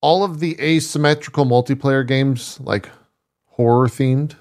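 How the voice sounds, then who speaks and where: A man's voice: medium pitch, fairly even intonation, unhurried, darkish tone. Male co-host, conversational, curious questions, dry humor. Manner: asks short questions, wry jokes. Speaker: podcast co-host. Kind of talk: casual chat.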